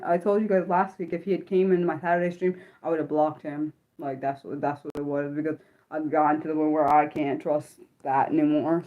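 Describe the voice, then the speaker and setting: A woman hosting an unscripted livestream, rambling with lots of fillers and sudden jumps in pitch. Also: dull audio. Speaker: livestream host.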